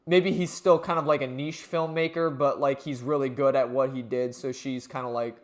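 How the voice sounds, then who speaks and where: Game streamer thinking out loud, lots of "like" and "uh", mid pitch. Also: fairly even intonation, moderate pace. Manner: rambling, filler-heavy, self-correcting. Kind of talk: let's-play commentary with read-aloud dialogue.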